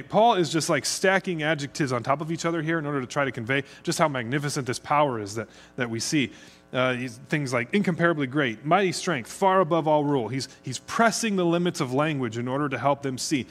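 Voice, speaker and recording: A middle-aged man from the United States, preaching a conversational sermon as pastor. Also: on the high side. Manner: conversational, chatty, speeds up when excited.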